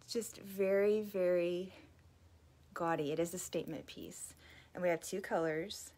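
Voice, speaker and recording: A woman's voice: lowish voice, steady tone, a little slow, darkish tone. A woman hosting a casual live boutique sale, bubbly and chatty, a little out of breath. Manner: bubbly, chatty, apologetic asides.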